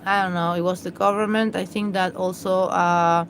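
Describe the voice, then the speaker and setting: A woman's voice: fairly low pitch, steady tone, normal speed, background noise. A woman hosting a live stream, chatting in a rambling, hesitant way with many fillers and restarts. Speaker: livestream host.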